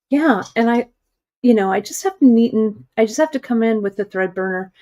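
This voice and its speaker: An unhurried woman leads a live beading lesson, talking through each step as she works. Her tone is encouraging and chatty, and her pitch sits in a mid range. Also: darkish tone. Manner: chatty, encouraging, thinks aloud while working. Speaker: jewelry-making instructor hosting a live stream. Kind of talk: live craft demonstration.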